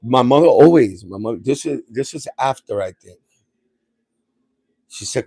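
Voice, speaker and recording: A man's voice: mid-range voice, animated, moderate pace, mellow, husky, dry recording. A man from Puerto Rico hosting a livestream and telling a family story in a rambling, streetwise way, restarting his sentences and dropping slang. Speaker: livestream host.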